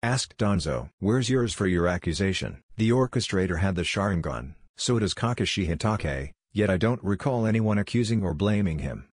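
A man reading a fan story aloud, narrating and speaking every character in one steady voice. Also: low-pitched, no echo, clean studio sound. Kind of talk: scripted narration.

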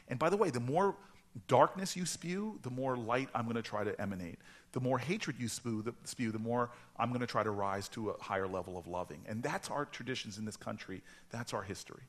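A man's voice: medium pitch, fairly quick. A man in his forties from New Jersey, an author guest telling stories at a book event with many stammered restarts. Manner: animated storytelling with stammering restarts.

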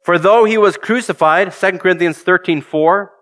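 A man's voice: high-pitched, moderate pace, few pauses, a bit bright. A man preaching a sermon, earnest and direct, putting questions to his congregation and reading scripture aloud.

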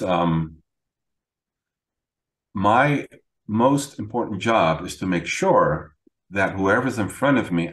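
A middle-aged man, a guest coach on a podcast, talking in a lively storytelling way and often checking in with "right?". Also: low voice, roomy sound. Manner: animated storyteller, acts out quoted dialogue, frequent "right?". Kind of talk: conversational interview.

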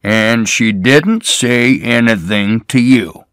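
A man reading the lines of a middle-aged small-town sheriff who questions people in a measured way. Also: medium pitch, fairly bright tone, clean tone, no echo, studio quality. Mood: questioning.

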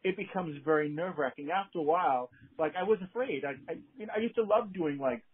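Male guest, New England accent, husky, hesitant rambling chat over a thin phone line. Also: fairly high pitch. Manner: halting, many restarts and fillers. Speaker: guest, theater director. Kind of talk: casual conversation.

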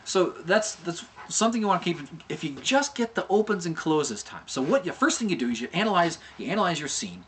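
Chatty man teaching animation, lively pitch. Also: a little fast, hardly any pauses, slight background noise. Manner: chatty, repeats "okay?" often, demonstrates mouth sounds. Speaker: animation instructor. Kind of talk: casual tutorial talk.

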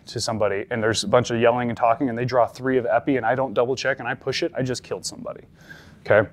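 A man's voice: medium pitch, steady tone, fast. A male paramedic instructor giving a classroom lecture, talking conversationally and repeating the key points with emphasis.

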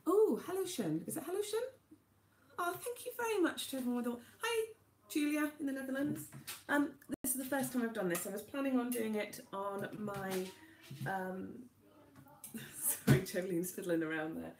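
A woman's voice: high voice, sing-song, darkish tone, roomy sound. Chatty woman streaming from her kitchen. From Wales. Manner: quick, chatty, reading out viewer names. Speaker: YouTuber live-streaming. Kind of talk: casual live-stream chat. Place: home kitchen while cooking. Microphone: tablet camera.

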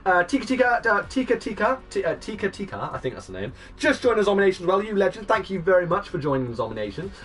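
A young man in his twenties live-streaming a game, greeting and thanking viewers and breaking into excited shouts. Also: high voice, fast, hardly any pauses, distant mic, slight background noise. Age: 20s. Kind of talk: live-stream chat reading out viewers' messages.

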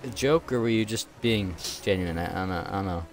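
A young man playing a co-op game with a friend, teasing and animated, with bursts of laughter. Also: low voice, a little fast, soft background music. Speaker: gaming YouTuber. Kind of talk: casual co-op gameplay banter.

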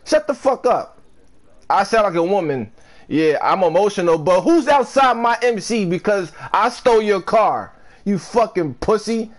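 A man's voice: high-pitched, expressive, normal speed. A male gaming streamer giving live commentary, trash-talking opponents in a brash, profane way and laughing at them.

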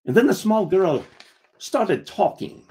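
A man's voice: high-pitched, very animated, takes it slowly, mellow. A man reading a comic story aloud as a first-person pirate, using "be" in place of the usual verbs.

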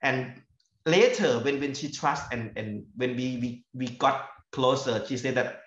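A man with a Thai accent, from northeastern Thailand, giving an academic talk about his fieldwork as a university lecturer, halting and repeating words as he searches for phrasing. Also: mid-range voice, a bit bright. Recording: echoey, dull lo-fi room recording.

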